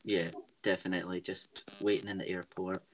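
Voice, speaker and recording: A man's voice: sits low, flat delivery, fairly quick. A young man with a Scottish accent, co-hosting a podcast. He chats with enthusiasm and steers the conversation. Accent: Scottish, west of Scotland. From Scotland. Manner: enthusiastic, keeps the talk on track. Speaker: podcast co-host. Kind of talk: casual chat.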